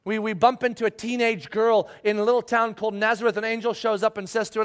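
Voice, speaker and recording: A man preaching a sermon, acting out Bible voices and swinging from loud pleas to hushed, near-whispered lines. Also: high-pitched, little pitch movement, quick pace, clear, resonant tone. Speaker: pastor.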